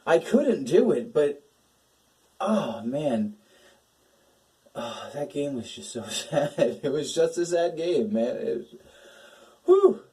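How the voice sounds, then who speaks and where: A man's voice: medium pitch, big pitch swings, takes it slowly, long pauses, warm tone, far from the mic, rough recording. A young man hosting a casual gaming talk, emotional and swearing, laughing between his words. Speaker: gaming channel host.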